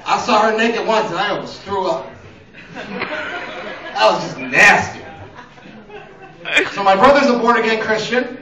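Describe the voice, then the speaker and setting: A man works a small open-mic stage with crude, rambling stand-up, now and then acting out voices. His voice sits high and bright. The lo-fi recording catches him from a distance in a roomy space. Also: lively intonation, fairly quick. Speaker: stand-up comedian.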